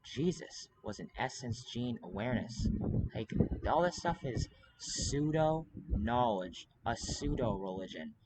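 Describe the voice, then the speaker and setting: A man's voice: medium pitch, expressive, a little slow, background noise. A man talking to camera in a rambling, urgent way, full of fillers and restarts. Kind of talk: casual monologue to camera.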